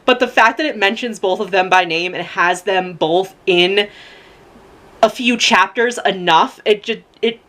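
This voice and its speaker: A woman's voice: mid-range voice, measured pace, a bit bright. Teary, rambling young woman vlogger. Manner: rambling, gushing, profane, many fillers. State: close to tears, laughing through crying. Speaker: book vlogger. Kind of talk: casual emotional book review vlog.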